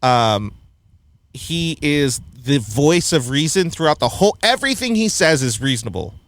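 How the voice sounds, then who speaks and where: A man's voice: a little high, big pitch swings, moderate pace, a bit bright. Blunt, opinionated man in casual chat. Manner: blunt and opinionated, laughs often. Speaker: podcast host reviewing a film.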